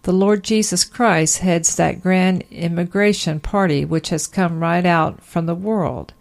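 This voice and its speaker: A woman's voice: fairly low pitch, a little slow, creaky. A woman reading an old-fashioned sermon aloud, earnest and emphatic, full of rhetorical questions. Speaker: sermon reader.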